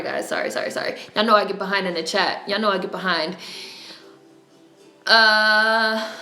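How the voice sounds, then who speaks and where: A woman's voice: medium pitch, pushed and bright. A woman with a New York accent hosting a casual livestream, chatting bluntly with lots of swearing. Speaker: livestream host. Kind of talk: casual live-stream chat. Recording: echoey room.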